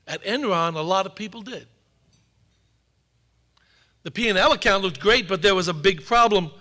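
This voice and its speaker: A man's voice: sits high, bright, forceful tone. Wry man speaking in an echoing hall. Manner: wry anecdotal storyteller. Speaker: author and speaker. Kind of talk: public talk to an audience. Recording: long hall reverb.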